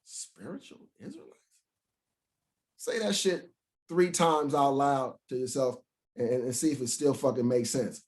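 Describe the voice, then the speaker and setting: A man teaching from the Bible, reading verses slowly and then breaking into crude, mocking rants with big swings in pitch and loudness. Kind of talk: profane scripture teaching.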